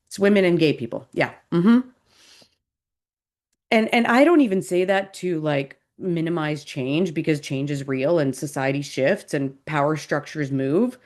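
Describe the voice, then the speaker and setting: Sarcastic woman podcast host, lower voice. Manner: sarcastic, animated, incredulous. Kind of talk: casual commentary monologue.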